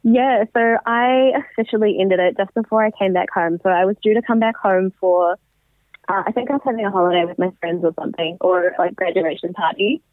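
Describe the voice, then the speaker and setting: A guest in a laid-back interview, this twenty-something woman shares her story with frequent "like"s and "um"s. Her voice is medium in pitch with fairly even intonation, and she speaks briskly. There's no room sound, just a tinny phone line.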